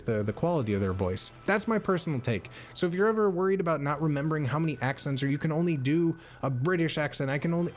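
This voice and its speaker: Rambling, enthusiastic young male streamer. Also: a little high. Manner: rambling, enthusiastic, swears freely. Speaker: streamer and game master. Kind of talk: casual live-stream chat, answering chat.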